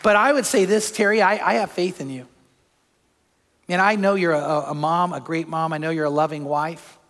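An older man, a pastor, preaching a sermon in a church, telling stories with animated shouts. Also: on the high side, moderate pace. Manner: animated storytelling, acts out crowd shouts. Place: church sanctuary. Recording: long hall reverb.

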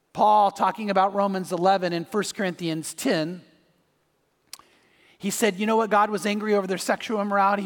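A man with a fairly high voice preaches a sermon, pressing his points by repeating words and dropping in joking asides. His voice rings out with the long reverb of a large hall. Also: fairly bright tone. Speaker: pastor.

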